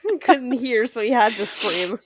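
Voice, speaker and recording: A woman's voice: a little high, moderate pace, husky, dry recording. Woman cohost, chatty and teasing, dry close sound. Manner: chatty, teasing, shares personal stories. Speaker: podcast co-host. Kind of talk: casual chat.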